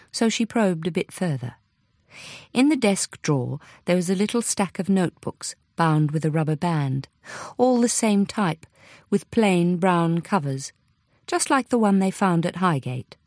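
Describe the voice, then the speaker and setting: Low-voiced woman narrating an audiobook. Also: darkish tone, no room sound, studio quality.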